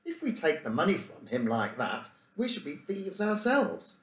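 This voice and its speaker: A man's voice: a little high, huge pitch swings, normal speed, a bit bright, voice pushed up. A man reading aloud and voicing a sensible, bossy schoolboy leader who talks in a prim, precise way. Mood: earnest. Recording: roomy room echo.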